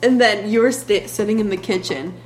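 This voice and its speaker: Teasing young woman, mid-pitched. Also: brisk, a little hiss or hum. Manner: teasing, lively storyteller. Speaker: guest, host's sister. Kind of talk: casual family chat.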